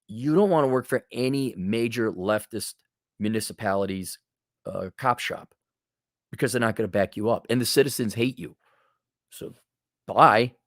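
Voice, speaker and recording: A man's voice: on the low side, moderate pace, pauses often, fairly bright tone, no room sound, clean studio sound. Blunt sarcastic male podcast host. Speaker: podcast host giving advice. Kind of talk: casual advice monologue.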